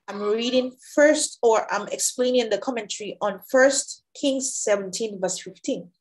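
Woman, informal Bible teacher, slightly high voice, halting and conversational as she explains scripture. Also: darkish tone, low-quality recording. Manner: reads scripture aloud and explains it in a casual, halting way.

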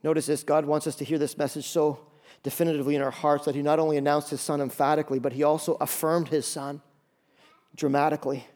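A man's voice: on the high side, flat delivery, fast talker, darkish tone. A man preaching a sermon as pastor, conversational and impassioned, often repeating phrases for emphasis.

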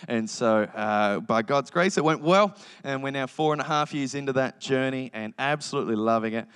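A man in his thirties preaching a sermon as pastor, telling joking family stories with lively impressions. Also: mid-range voice, moderate pace, clear, resonant tone, long reverb tail. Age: 30s. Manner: energetic, joking storytelling with animated impressions.

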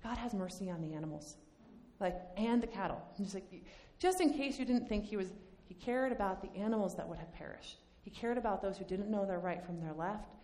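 A woman teaching a Bible study lesson in a conversational, animated way, acting out the lines she quotes. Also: mid-range voice, fairly quick. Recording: long hall reverb.

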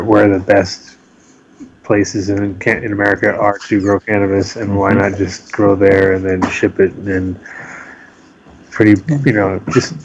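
A man's voice: on the low side, a little mellow, highs cut off, a little hiss or hum. A man hosting a casual live studio podcast, rambling with frequent restarts and laughs. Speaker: podcast host.

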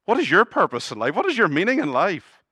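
A man's voice: sits high, wildly swooping pitch, fast talker, pushed and bright, slightly rough, dry recording. A middle-aged man preaching a sermon earnestly, with humorous asides. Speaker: pastor.

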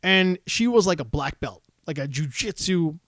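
A man's voice: fairly high pitch, expressive, normal speed, fairly bright tone, no room sound, clean studio sound. A man co-hosting a casual podcast, rambling through anecdotes, swearing freely and acting out quotes. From Canada. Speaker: podcast co-host. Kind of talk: casual chat.

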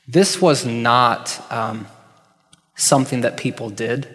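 A man preaching a sermon as pastor, conversational and reflective, pausing with ums. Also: medium pitch, fairly bright tone. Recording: hall with long reverb.

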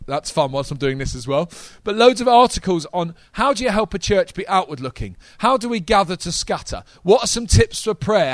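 A man preaching a sermon to a live congregation, energetic and talking straight to the audience. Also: sits high, no room sound.

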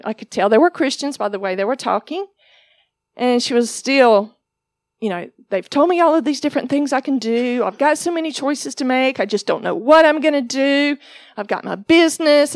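A woman teaches a sermon, weaving her testimony into lively storytelling. Her voice sits fairly high, and she acts out other people's lines as she goes. The sound is dry and close, with no room echo. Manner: animated storytelling, acting out voices in quotes. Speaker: ministry teacher.

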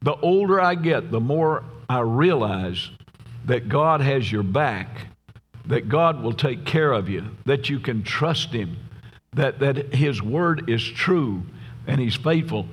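A man's voice: mid-range voice, expressive, takes it slowly, husky. A middle-aged man preaching a sermon as pastor, folksy and storytelling, often asking his listeners "Amen?". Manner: folksy, tells jokes, asks the crowd "Amen?". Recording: long reverb from a large church hall.

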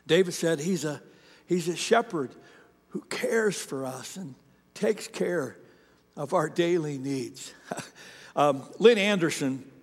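A man's voice: fairly high pitch, lively intonation, slow pace, long pauses, breathy edge, in a large hall. A man preaching a sermon in a conversational, storytelling way, often restarting his sentences. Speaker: pastor.

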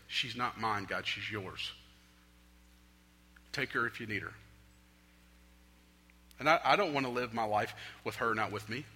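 A young adult man preaching a sermon from a stage, swinging between loud appeals and hushed, prayerful lines. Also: medium pitch. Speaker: pastor. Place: stage in a large hall. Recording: long hall reverb.

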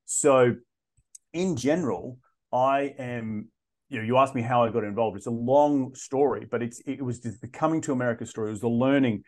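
A man talks through his story as a podcast guest, his voice sitting at an ordinary middle pitch. He speaks with animation, often breaking off and repeating words before finding his way forward. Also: normal speed, darkish tone. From Australia. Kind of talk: casual interview storytelling.

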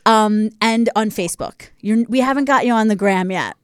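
A woman's voice: medium pitch, moderate pace, clean tone, dry recording, studio quality. A woman co-hosting a podcast, talking effusively and openly about her own experience in a casual interview. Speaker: podcast co-host.

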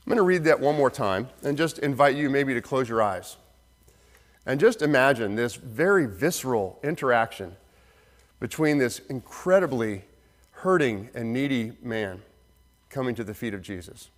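A man preaching a sermon as pastor, earnest, slowing down for emphasis and acting out the voices in the story. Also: medium pitch, expressive. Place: church sanctuary. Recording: long reverb of a hall.

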